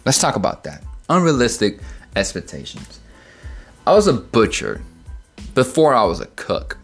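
A man's voice: mid-range voice, normal speed, creaky, husky, soft background music. A man who works as a kitchen middle manager, telling a work story in a profane, casual rant full of "right?" and "dude". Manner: swears constantly, lively storytelling, rhetorical "right?".

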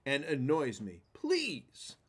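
A man voicing a stubborn, excitable male donkey who hollers and pleads in a parable he tells. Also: medium pitch, takes it slowly, slightly rough, full character voice. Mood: frantic. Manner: hooting, frantic pleading. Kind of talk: storytelling a parable.

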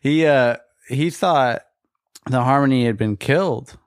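A man's voice: medium pitch, unhurried, clean tone, no echo, clean studio sound. A man in casual podcast chat, giving laid-back, profane opinions about a film.

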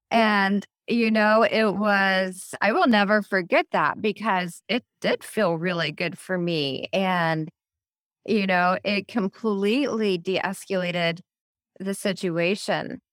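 A woman co-host speaking in a relaxed, conversational way, slipping into anecdotes and laughing easily. Her voice sits at a middle pitch, and the recording is close and dry, with no room sound. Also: slow, smooth, no echo. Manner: chatty storyteller, laughs easily. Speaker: podcast co-host. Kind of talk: casual conversational chat.

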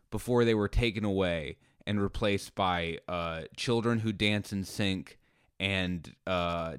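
A middle-aged man hosting a podcast, delivering an animated comedic monologue and acting out scenes in dialogue. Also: deep voice, smooth, dry recording, clean studio sound. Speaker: podcast host.

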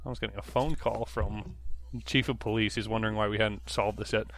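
A man's voice: lowish voice, steady tone, brisk. A man co-hosting a podcast, reading a kids' mystery aloud with joking asides and fillers. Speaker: podcast co-host. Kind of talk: casual comedic read-aloud.

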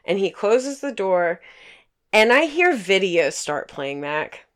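A woman in her twenties telling a profane, animated story in casual chat, acting out quotes. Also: medium pitch, takes it slowly.

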